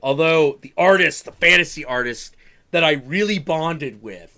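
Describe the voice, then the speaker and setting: A man hosting a live stream, telling animated casual stories with frequent swearing and stammered restarts. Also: on the high side, moderate pace. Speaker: show host.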